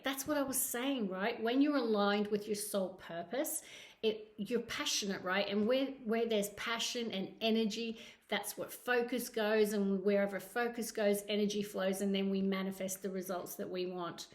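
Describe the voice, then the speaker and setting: A Scottish woman gives a monthly tarot reading to camera, her voice medium in pitch and steady in tone at a normal speed. She's effusive and emotional, often checking in with "okay?", and the recording carries a roomy echo.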